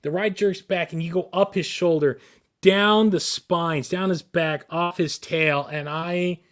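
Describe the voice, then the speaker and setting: Male podcast co-host, slightly high voice, excitable rambling storyteller who keeps restarting his sentences. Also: unhurried.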